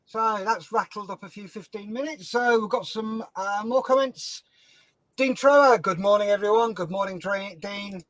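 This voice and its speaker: High-voiced upbeat male auction host. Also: fairly bright tone, low-quality recording. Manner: brisk and upbeat, reads out chat comments and counts down time. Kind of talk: live-stream auction hosting.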